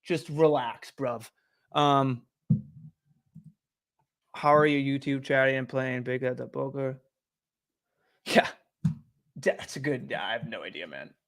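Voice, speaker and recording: A young man with a medium-pitched, fairly bright voice rambles easily at a slow pace, leaving long pauses. He's a streamer and host chatting casually on a live stream from home into a desk microphone, sounding easygoing and chatty.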